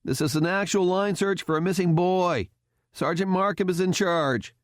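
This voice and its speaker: A man doing a calm, firm cadet leader. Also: high voice, normal speed, dry recording, studio quality, voice pushed up, close to an everyday voice. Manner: steady, commanding, reassuring.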